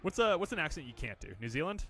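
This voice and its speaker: A man's voice: a little high, sing-song, fast, pushed and bright, slight background noise. A man co-hosting a podcast in casual chat, rambling and teasing with dry humor. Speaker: podcast co-host.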